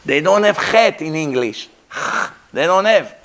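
An aged man teaches a religious class in a fairly high voice. He talks in a lively, conversational way, tossing asides to his listeners. He acts out the throat sounds he is explaining. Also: slow. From Middle East. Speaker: rabbi giving a lecture. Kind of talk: religious lecture.

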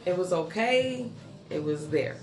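A woman's voice: on the low side, lively intonation, unhurried, darkish tone. Woman sharing a testimony on a podcast, earnest, repeats stuff, echoey room with music under it. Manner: earnest, repeats phrases for emphasis. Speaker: podcast co-host. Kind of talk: casual faith chat.

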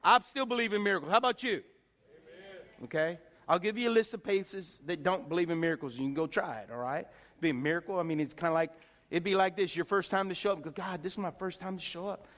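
A man preaching a sermon, telling stories excitedly and swinging from soft talk to shouts. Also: high voice, fast. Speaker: pastor.

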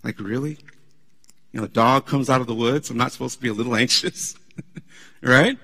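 A man preaching a sermon as pastor, animated and conversational, laughing often as he talks. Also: mid-range voice, moderate pace, gravelly, breathy edge, big-room sound.

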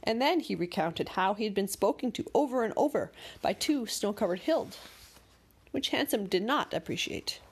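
A woman narrating a bedtime story in a calm, gentle, measured way. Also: medium pitch, slightly rough.

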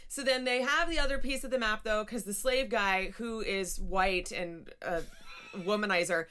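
A woman's voice: mid-range voice, steady tone, normal speed, bright, forceful tone, clear, resonant tone. A woman co-hosting a casual podcast, breezy and chatty, swearing freely. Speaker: podcast co-host. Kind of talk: casual chat.

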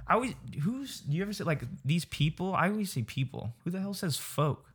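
Animated, jokey young man. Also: high voice, slightly rough. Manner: jokey, animated, quick to laugh. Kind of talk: casual chat.

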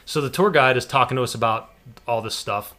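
An American man telling a long story in casual chat, animated and laughing, with some swearing. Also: mid-range voice, brisk. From United States.

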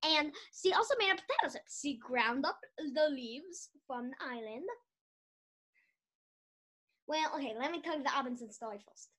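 Animated and fairly bright, this high female voice keeps a moderate pace but pauses often. The podcast host tells a meandering story in a giggly, casual way, with many restarts and lots of "like."

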